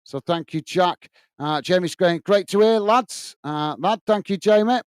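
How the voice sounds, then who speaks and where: A man's voice: sits high, unhurried, clean tone, dry recording. A middle-aged English man hosting a live football watch-along, commenting on play and reading viewer messages in a blunt, upfront way. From England.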